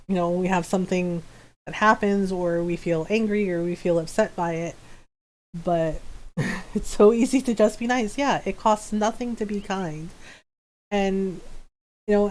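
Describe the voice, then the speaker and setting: Woman, forties, game streamer, casual chat, laughs often, desk mic. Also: mid-range voice. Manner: chatty, warm-hearted, laughs often between phrases.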